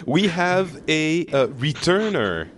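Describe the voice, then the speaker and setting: A man's voice: a little high, very animated, slow, a bit bright, a little hiss or hum. Chatty man hosting. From France. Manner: chatty, many fillers and restarts, self-mocking. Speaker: podcast host. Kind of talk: casual chat.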